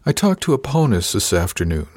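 A man's voice: fairly low pitch, very animated, a little fast, darkish tone, no echo, clean studio sound. A man voicing a stern, bullying male first mate who speaks in clipped, menacing words. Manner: clipped, menacing, bites off each word.

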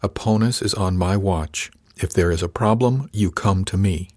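A man's voice: deep voice, normal speed, a little mellow, no echo, studio quality. A man voicing a stern, bullying male first mate who speaks in clipped, menacing words. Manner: clipped, menacing, bites off each word.

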